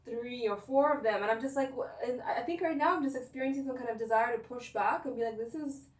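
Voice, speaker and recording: A woman's voice: a little high, quick pace. Young woman, vlogger; rambling, emotional, full of fillers; distant mic, echoey room. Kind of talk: casual personal rant to camera.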